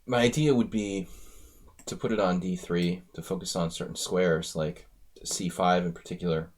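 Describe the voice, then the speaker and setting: American guy rambling over his chess stream, kinda low voice, chatty asides. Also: steady tone, normal speed, a little mellow. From United States. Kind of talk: live-stream commentary while playing.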